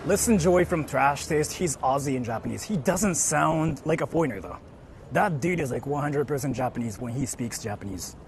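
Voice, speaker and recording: A man's voice: medium pitch, animated, moderate pace, vocal fry, background noise. A young man live-streaming outdoors on a city street, reading chat aloud and rambling with lots of "like". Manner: rambling, heavy use of "like". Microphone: portable streaming mic.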